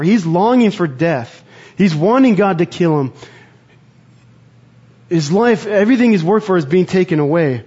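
A man preaching a sermon in an earnest, conversational way, pausing to reflect. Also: high voice, a little mellow, lo-fi sound. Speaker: pastor.

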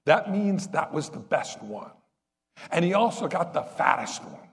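Male pastor, sermon delivery, talks to the congregation with rhetorical questions, fairly high and very animated pitch, long hall reverb. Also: measured pace.

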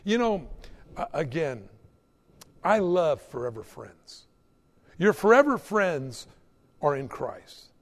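A male preacher giving an animated, exhorting sermon in an echoey hall. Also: fairly high pitch, slow pace, pauses often.

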